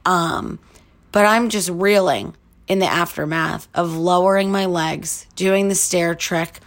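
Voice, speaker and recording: In a casual storytelling monologue, a young woman hosting a podcast shares a candid story, chatting with plenty of likes and you-knows. She speaks slowly in a lowish voice with fairly even intonation.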